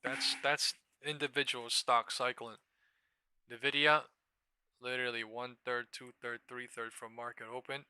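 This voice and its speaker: An excitable man talks through stock charts on a live trading stream, swearing freely and thinking aloud. His voice is very bright and tense, smooth and crisp. The sound is dry and close, with no room echo. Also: medium pitch, measured pace. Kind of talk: casual live-stream commentary.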